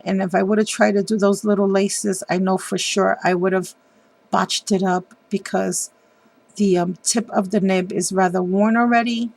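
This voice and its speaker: A woman hosting a craft video, chatting warmly and enthusiastically about how she made a card, with frequent ums. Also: mid-range voice, gravelly, no room sound. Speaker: papercraft video host. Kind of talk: casual craft show-and-tell.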